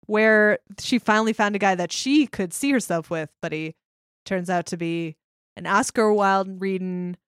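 A woman's voice: medium pitch, normal speed, clear, resonant tone, no room sound, studio quality. A young woman co-hosting a casual podcast, laughing often as she recaps a movie plot and reads a summary aloud. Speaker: podcast co-host. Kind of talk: casual chat recapping a film.

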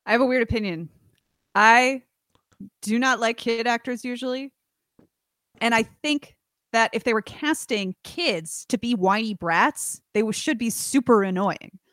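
A woman co-hosting a casual chat, making quick jokes and acting out quotes. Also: on the high side, a bit bright, no room sound, studio quality. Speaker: podcast co-host discussing a film.

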